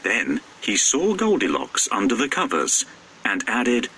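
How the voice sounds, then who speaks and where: A man reads a children's story aloud in a sing-song, expressive voice. His pitch swoops widely and his pace stays slow and careful. The tone is fairly low but bright, with faint noise behind. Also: breathy edge. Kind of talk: storybook narration.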